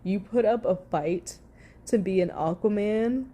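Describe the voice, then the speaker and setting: Profane ranting woman, mellow voice. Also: medium pitch, unhurried. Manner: ranting, swears heavily. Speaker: commentator. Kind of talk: profane reaction commentary.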